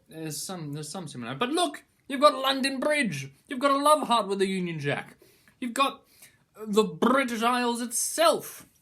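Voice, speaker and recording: A man's voice: high-pitched, pushed and bright. A young man giving a casual product review, rambling and playful, with mock-grand praise.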